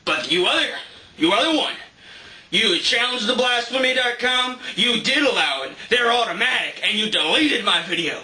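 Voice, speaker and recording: Very high-pitched, sharp-voiced ranting man. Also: expressive, normal speed, echoey room, poor audio. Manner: repetitive rhetorical questioning, taunting. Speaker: YouTube video poster. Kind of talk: angry confrontational rant.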